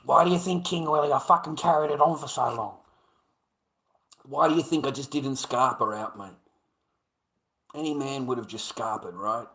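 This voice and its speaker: Sweary bright-voiced man ranting. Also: medium pitch, normal speed, long pauses. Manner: sweary, emphatic, repetitive, calls listeners mate. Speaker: live streamer. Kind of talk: live-stream rant.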